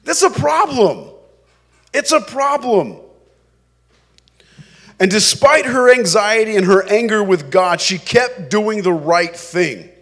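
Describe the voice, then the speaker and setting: A male pastor preaching a sermon, slow and emphatic, acting out the people in the story as he goes. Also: high voice, animated, a bit bright.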